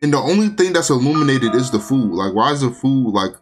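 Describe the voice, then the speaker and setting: Young male gaming host; joking, excitable, animated delivery. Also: mid-range voice, quick pace, faint music behind. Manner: excitable, joking, shouts and exclamations. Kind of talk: casual gameplay commentary.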